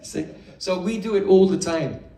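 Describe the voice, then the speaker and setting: A man giving a morning scripture class to a live audience, explaining patiently with everyday examples and gentle humor. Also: high-pitched, lively intonation, normal speed. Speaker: spiritual teacher. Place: indoor hall with a live audience. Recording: echoey room, distant mic.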